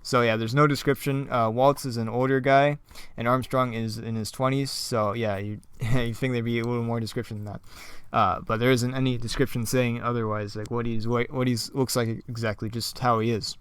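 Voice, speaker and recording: A man reads his own play script and comments on it as he goes. He rambles, with plenty of fillers and side remarks. His voice is smooth and the recording close and dry. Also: mid-range voice, little pitch movement, brisk, a bit bright, no echo. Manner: rambling, with many fillers and asides. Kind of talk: casual script reading with commentary.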